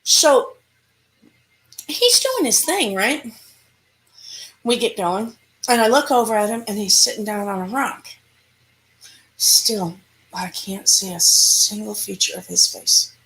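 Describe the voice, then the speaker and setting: A paranormal investigator tells a story in a casual interview, animatedly acting out what people said and restarting sentences conversationally. Her medium-pitched voice moves slowly with long pauses, and the audio is poor.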